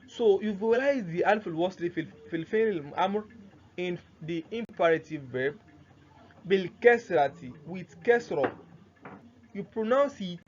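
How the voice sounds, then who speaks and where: A man teaching Arabic grammar in a classroom-style lesson, who keeps asking "what?" and answers himself, repeating the key terms. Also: sits high. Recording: muffled lo-fi sound, faint noise.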